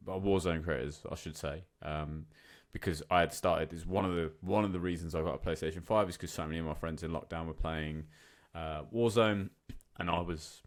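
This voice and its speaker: A man hosting a podcast, asking thoughtful, hesitant questions with many fillers. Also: deep voice. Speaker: podcast host. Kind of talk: casual interview.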